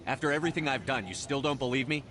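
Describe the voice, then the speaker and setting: A man voicing a fast, forceful commander. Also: medium pitch, a little hiss or hum, lightly acted. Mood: defiant. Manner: forceful, insistent. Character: determined male military commander. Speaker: video game character.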